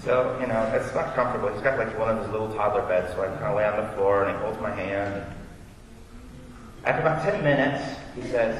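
A fast-talking pastor with a lowish voice begins his sermon with a conversational personal anecdote, voicing the dialogue as he tells it. He was recorded in an echoey hall from a distant mic, with background noise audible.

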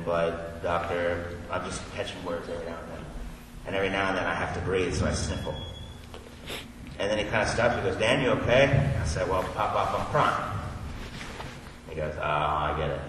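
A man in his thirties preaching a sermon as pastor, conversational, moving between soft, slow confiding and loud, urgent emphasis. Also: low voice. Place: church sanctuary. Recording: echoey hall, distant mic, audible room noise.

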